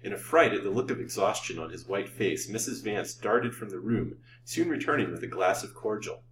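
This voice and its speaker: A man reading an old-fashioned novel aloud as a storyteller, in a measured, theatrical way. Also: lowish voice, expressive, fairly bright tone. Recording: roomy, distant mic, faint hum.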